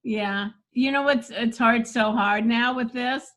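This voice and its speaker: A woman's voice: a little high, steady tone, unhurried, a bit bright. A older woman coaching comedy in casual chat, reading jokes aloud and laughing often.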